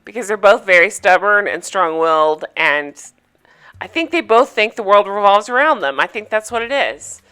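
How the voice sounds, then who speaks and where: A chatty, opinionated woman talks through her reality-TV recap in a casual vlog style. Her voice is bright and forward, with a gossipy, judging edge that keeps the talk lively. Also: mid-range voice, normal speed, clean tone.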